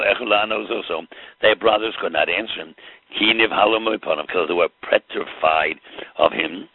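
Gravelly low rabbi on a tinny line. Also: male voice. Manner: dramatic storytelling, acts out the scene. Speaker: rabbi teaching Torah. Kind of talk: Torah lecture mixing Hebrew and Yiddish terms. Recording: tinny phone-line audio.

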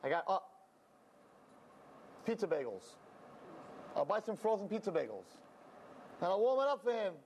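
A man's voice: sits high, big pitch swings, moderate pace, pauses often, a little mellow, a little hiss or hum. A man voicing a harried young mother of four, flustered and apologetic. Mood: frazzled.

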